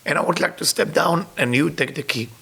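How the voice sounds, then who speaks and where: A man's voice: a little high, a little fast, vocal fry, pushed and bright, husky, full character voice. A man voicing a great rabbi of old who is urgently pleading with a humble scholar, in a retold story. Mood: insistent. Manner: insistent, emphatic pleading.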